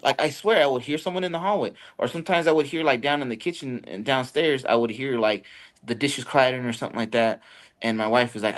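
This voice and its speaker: A young man hosting a podcast, telling a story in casual, profane chat and jumping into high voices to quote people. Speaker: podcast host.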